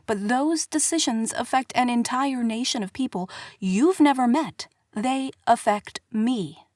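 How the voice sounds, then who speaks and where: A woman's voice: on the high side, a little slow, a little mellow, dry recording, voice pushed up, close to an everyday voice. A woman voicing a fiery young dance studio owner who speaks indignantly and accusingly, in an audiobook reading.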